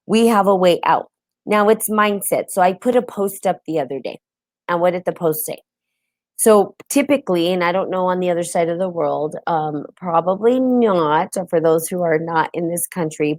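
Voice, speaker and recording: A woman with a lowish voice talks casually on a live stream, checking in with her listeners and greeting people mid-thought. The sound is close and dry, with no room around it. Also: a little mellow, no room sound. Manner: chatty, often adds "right?" and greets viewers mid-talk. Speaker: host of a live-streamed spiritual talk show.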